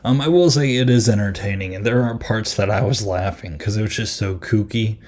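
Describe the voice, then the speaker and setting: A man's voice: lowish voice, fairly quick, darkish tone. A man hosting a podcast and reviewing a film in casual chat, rambling and amused, with lots of ums and likes.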